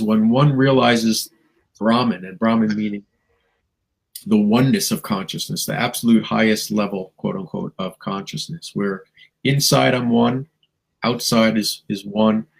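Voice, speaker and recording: A man talks through spiritual ideas in a slow, musing way, with chuckles and playful asides. His voice is gravelly and rough, with a breathy, husky edge. He sounds like a guest teacher on a talk show. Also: on the low side, fairly even intonation, rough recording.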